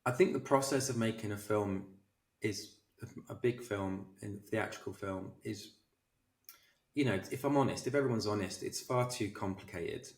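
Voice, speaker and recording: A film director, a man, telling anecdotes in an animated, self-deprecating way as an interview guest. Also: fairly low pitch, normal speed, recorded from a distance. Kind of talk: casual interview storytelling. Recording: roomy echo.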